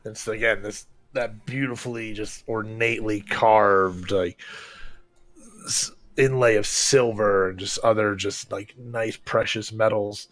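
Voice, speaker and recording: A man's voice: lowish voice, steady tone, a little slow, a bit bright. A man running a tabletop game as dungeon master, talking casually and laughing often as he narrates.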